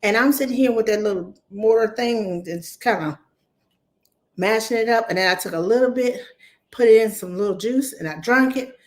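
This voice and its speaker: A woman, talking casually to camera in a rambling, animated way, her voice still a little hoarse from laryngitis. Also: fairly high pitch, moderate pace. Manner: rambling, animated storytelling with restarts. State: recovering from laryngitis, slightly hoarse. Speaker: vlogger. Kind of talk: casual chatty talk to camera.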